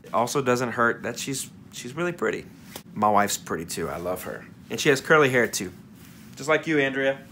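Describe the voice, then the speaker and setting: Bright, upbeat fragrance vlogger man. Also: mid-range voice, sing-song, moderate pace, slight background noise. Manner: enthusiastic, rambling, off-the-cuff. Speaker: fragrance reviewer and channel host. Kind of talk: casual vlog talk to camera.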